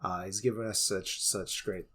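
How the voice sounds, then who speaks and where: A man co-hosting a podcast in casual chat, talking in halting, hedging bursts with some teasing. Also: sits low, steady tone, bright, forceful tone. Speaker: podcast co-host.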